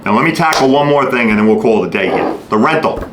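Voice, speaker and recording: A man hosting a podcast, giving a blunt, sarcastic monologue and acting out customers and shop staff in quick quoted bits. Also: medium pitch, animated, a bit bright. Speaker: podcast host. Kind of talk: opinionated monologue. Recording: echoey room with faint noise.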